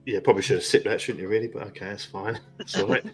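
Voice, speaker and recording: A man's voice: on the low side, fairly even intonation, very fast, faint music behind. A man playing in a tabletop game, chatting casually with laughing asides. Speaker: player.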